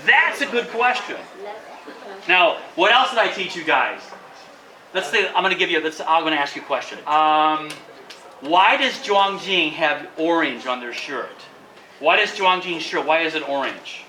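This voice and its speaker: A man teaching English to a class in an animated way, mixing in Chinese to explain phrases. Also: fairly high pitch. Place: school classroom with students. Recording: echoey room, distant mic, class noise.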